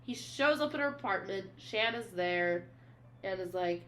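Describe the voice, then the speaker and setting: Speaking a bit slowly in a mid-range voice, this young podcast co-host chats about a novel she's summarizing. She brings its quotes to life by reading them aloud in a lively way, and fillers pepper her speech. A faint hiss or hum sits underneath.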